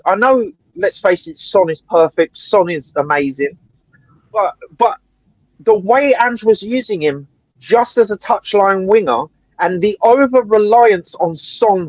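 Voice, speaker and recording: High-voiced ranting man, lo-fi dry sound. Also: dry recording. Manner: ranting, swears a lot, keeps asking "right?". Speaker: co-host of a fan livestream. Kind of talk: casual heated chat.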